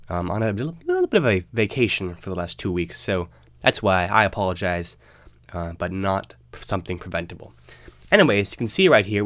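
A man's voice: on the low side, fairly bright tone, dry recording. A young man with a stuffy, nasal voice from a cold, casually narrating a game guide with loose, rambling fillers. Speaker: game guide video host.

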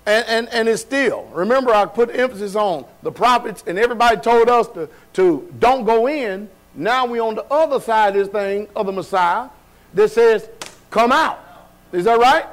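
Preaching at normal speed in an expressive, high-sitting voice, a male pastor addresses his church from the sanctuary. He's folksy and informal, often questioning the congregation in a call-and-response style.

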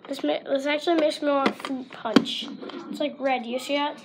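A woman's voice: sits high, fairly even intonation, moderate pace. A woman vlogging in a casual, rambling way, jumping from topic to topic while talking into a camera. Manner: rambling, jumps between topics. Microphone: camera mic. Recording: loud background noise with clicks.

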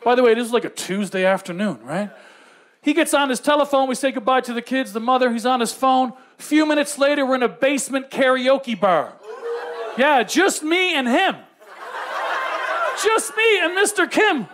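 A man's voice: extremely high pitch, expressive, moderate pace, fairly bright tone, some chatter behind, slight background noise. A young man, telling a brash, profane stand-up comedy story. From Canada.

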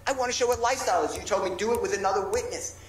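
A man's voice: high voice, very fast, roomy sound, slight background noise, rough recording. A male defense lawyer arguing insistently and passionately before a judge in a courtroom. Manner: impassioned, insistent pleading. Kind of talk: courtroom argument. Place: large courtroom.

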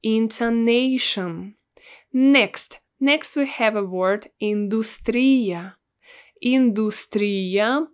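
Russian-accented female tutor, young adult, unhurried, patient repeater. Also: on the high side, smooth. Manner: patient, repeats each word slowly. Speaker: language teacher. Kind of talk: slow, clear language lesson.

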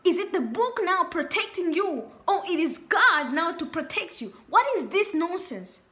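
A woman's voice: very high voice, very animated, moderate pace, sharp tone. A young woman preaching a sermon, repeating her warnings and rhetorical questions with emphasis. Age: young adult.

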